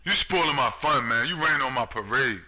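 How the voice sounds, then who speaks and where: A man's voice: medium pitch, animated, fairly quick, bright, forceful tone, pitched above the performer's own voice. A man putting on the voice of a complacent American man who whines that someone is spoiling his fun, in a mocking tone. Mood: whining mockery. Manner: mocking, whiny. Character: complacent, carefree American man, whiny and defensive.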